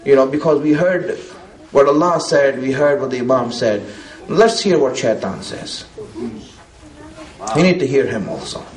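A man's voice: medium pitch, a little slow, long pauses. A man giving a religious talk to a gathering in a conversational way, filling it with "you know" and putting questions to his listeners. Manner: conversational, many fillers, asks the listeners questions. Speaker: preacher. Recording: roomy echo.

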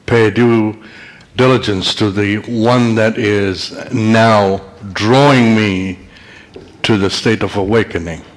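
A man with a fairly low voice moderates a question-and-answer session. He speaks in a measured, reflective way as he sums up the talk and invites questions. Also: fairly even intonation.

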